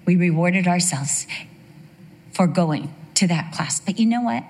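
A middle-aged American Bible teacher gives a conversational sermon, telling chatty stories packed with asides and rhetorical questions for her listeners. Her voice is fairly low and darkish, with lively intonation and an unhurried pace.

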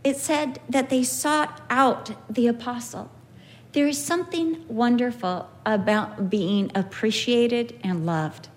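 A middle-aged woman teaching from the Bible in a conversational way, telling lively stories and acting out the people in them. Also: a little high, takes it slowly. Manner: animated storytelling, acts out quoted people.

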